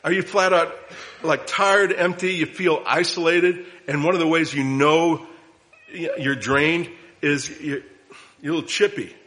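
Lively teaching pastor, a middle-aged man. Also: fairly high pitch, unhurried. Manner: conversational teaching with humor and lively swings in emphasis. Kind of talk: sermon.

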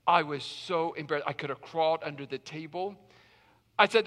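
A man's voice: high voice, measured pace, pushed and bright, in a large hall. A middle-aged man preaching a sermon from South Carolina, telling a personal story with emphatic repetition. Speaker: pastor.

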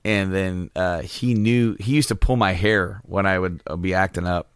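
A man's voice: deep voice, normal speed, clean tone, no echo, studio quality. A man co-hosting a casual chat, telling stories with lots of laughs and acted-out quotes. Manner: animated storyteller, laughs often, acts out quotes. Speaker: podcast co-host.

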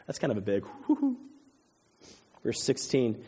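A man preaching a sermon as pastor, animated, swinging between loud emphasis and hushed intensity. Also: medium pitch, normal speed, long pauses, slightly rough. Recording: long hall reverb.

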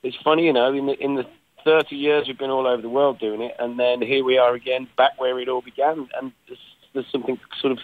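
A man's voice: mid-range voice, level tone. Man rambling over a phone line. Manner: rambling, halting restarts. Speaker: musician guest. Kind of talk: casual interview chat.

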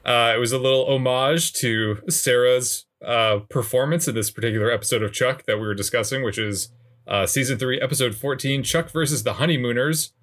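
A man's voice: mid-range voice, brisk, fairly bright tone. A man hosting a podcast in casual chat, musing and hesitant. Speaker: podcast host.

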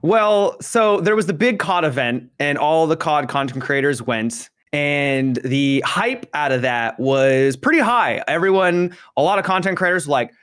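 A man's voice: on the high side, unhurried, hardly any pauses, fairly bright tone, smooth. A man co-hosting a podcast, chatting casually with dry, teasing remarks. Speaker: podcast co-host.

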